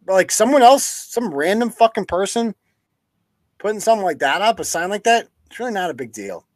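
A man's voice: sits high, animated, brisk, dry recording. A man hosting a live news-commentary podcast, ranting with heavy profanity and sarcasm. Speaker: podcast host.

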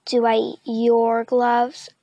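A woman's voice: high voice, brisk, no echo, highs cut off. A woman doing an eager young boy.

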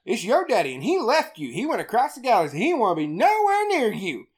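A sneering, foul-mouthed possessed boy, as a woman puts him on in a raised, mocking voice. He spits insults with lively swings in pitch, as in a jokey podcast retelling. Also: quick pace, breathy edge, heavily acted.

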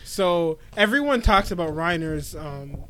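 A man's voice: a little high, animated, measured pace, pushed and bright. A young man co-hosting a podcast, casually and animatedly retelling an anime episode and acting out the characters' lines. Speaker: podcast co-host.

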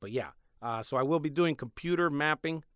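A young man hosting a podcast, doing a sarcastic comedic monologue that swings between loud bits and mumbled asides. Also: a little high, moderate pace, clear, resonant tone, no room sound, clean studio sound. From Mexican-American. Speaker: podcast host.

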